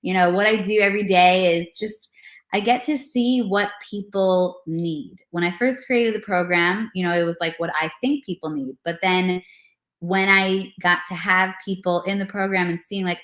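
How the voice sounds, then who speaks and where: A woman's voice: lowish voice, normal speed. Earnest woman trainer in an echoey room. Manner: earnest, animated, many fillers like "like" and "you know". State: pregnant. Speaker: personal trainer, interview guest. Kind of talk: casual video interview.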